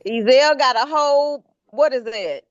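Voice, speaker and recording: A woman's voice: high-pitched, measured pace. A woman talking easygoingly with family over a video call, trailing off and restarting her sentences. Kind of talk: casual family chat. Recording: dull lo-fi call audio.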